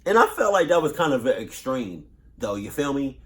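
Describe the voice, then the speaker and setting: Male reactor, nervous and profane, rambling with a lively, bouncing pitch. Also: moderate pace. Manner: profane, rambling, repeats himself. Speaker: reaction youtuber. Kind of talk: casual reaction commentary.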